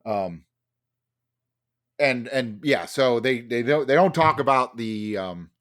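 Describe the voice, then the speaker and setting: A man's voice: on the low side, fairly bright tone. A man co-hosting a podcast, telling a story in casual chat, full of fillers, restarts and swearing. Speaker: podcast co-host.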